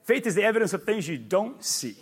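A male pastor preaching a sermon, emphatic and repetitive, with sudden loud peaks. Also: high voice, sing-song, a little fast, slightly rough.

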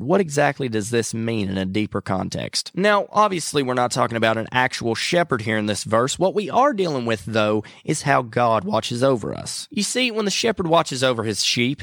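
A man's voice: mid-range voice, very animated, normal speed, vocal fry, hardly any pauses, no room sound, studio quality. A man hosting a podcast, chatty and self-mocking, turning earnest when he shares a devotional. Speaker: podcast host. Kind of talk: casual chat and devotional talk.

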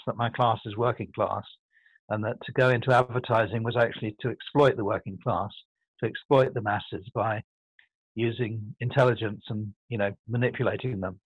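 With a mid-range voice, no echo, and a rough recording, an older Englishman speaks as an interview guest in a posh southern accent. He reflects thoughtfully yet haltingly, frequently breaking off to restart sentences and correct himself.

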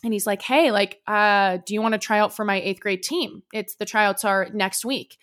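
A young woman talks through a story from her past in an unscripted podcast monologue. She rambles, leans on "like" and the odd curse word, and addresses her listeners directly. Her voice sits at an ordinary middle pitch for a woman. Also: steady tone, moderate pace, a bit bright. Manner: chatty, swears freely, lots of "like". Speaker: podcast host.

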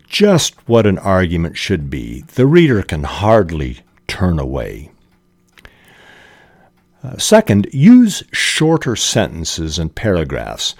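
A man hosting a podcast on fiction writing, explaining techniques deliberately with frequent fillers. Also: sits low, darkish tone, no room sound, studio quality. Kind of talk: explanatory talk and reading aloud.

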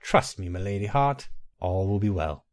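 A man playing a charming, cunning rogue in an audiobook reading, smooth and confident. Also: low-pitched, expressive, moderate pace, no echo, studio quality. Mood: coaxing. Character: charming, cunning male thief and schemer.

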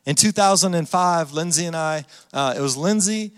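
A male pastor with a high, light voice delivers a lively sermon. He tells the story with energy and acts out the voices in it, and his words ring out with a long reverb in a large church hall. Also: moderate pace, clear, resonant tone. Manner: animated storytelling with acted-out voices.

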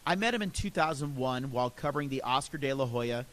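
A man's voice: medium pitch, animated, fast talker, a bit bright, poor audio. A middle-aged man, a podcast host, telling a personal story in an earnest, reflective and enthusiastic way.

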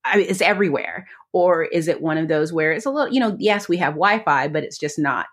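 A woman's voice: deep voice, lively intonation, brisk, slightly rough. A woman co-hosting a podcast in casual chat, talking eagerly and rambling with lots of fillers. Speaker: podcast co-host.

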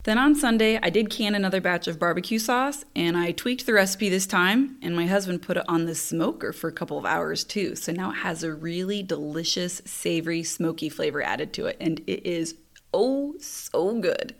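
Animated woman telling a family story. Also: lowish voice, fairly quick, vocal fry, hardly any pauses. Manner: animated, exasperated, laughing storyteller. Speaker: podcast host. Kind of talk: casual storytelling monologue.

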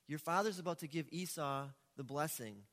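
A scheming mother hurries her son along with quick, hushed instructions, as a preacher acts her out. The voice sounds low and brisk, and it echoes in a large hall. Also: close to an everyday voice. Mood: urgent.

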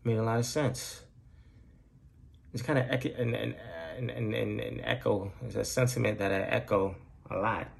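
A man's voice: on the low side, steady tone, normal speed, vocal fry. A man hosting his own podcast, talking in a loose, profane, rambling monologue and laughing at his own jokes, recorded at home. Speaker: podcast host. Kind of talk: casual solo monologue.

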